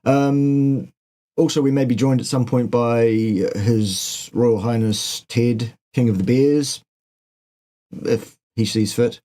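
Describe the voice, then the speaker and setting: A man's voice: medium pitch, steady tone, slow pace, dark tone. A man hosting a live Q&A chat, joking, sardonic and swearing freely. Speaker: show host.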